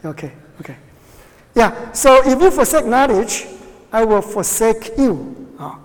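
A woman whose first language is Chinese teaches a Bible class, quizzing her students often, restarting haltingly and giving short laughs. Her voice is on the high side with big pitch swings, recorded in a reverberant hall.

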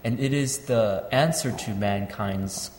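A man's voice: on the low side, a little slow, a little mellow. A man interpreting a sermon phrase by phrase, with fillers and restarts as he translates on the spot. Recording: echoey hall with faint ambience.

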